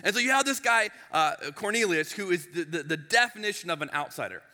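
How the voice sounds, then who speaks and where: Male pastor, conversational sermon delivery, very bright tone, big reverberant church hall. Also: sits high, fairly quick. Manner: animated, chatty, with frequent restarts and asides. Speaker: lead pastor. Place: church sanctuary. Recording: long reverb of a large hall.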